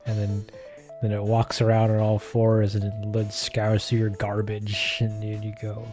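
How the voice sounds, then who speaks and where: A man's voice: fairly low pitch, completely flat delivery, a little slow, music in the background. A man chatting casually and playfully while drawing live on stream, often laughing.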